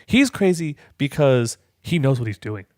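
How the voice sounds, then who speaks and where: A man's voice: medium pitch, very animated, normal speed, a little mellow, dry recording, clean studio sound. A man co-hosting a podcast in casual chat, making his points emphatically and repeating them. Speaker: podcast co-host.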